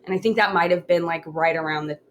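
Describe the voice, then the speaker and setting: A woman in her thirties, a podcast guest, telling her story in a candid, halting way with many restarts. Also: on the low side, fairly even intonation, a little hiss or hum.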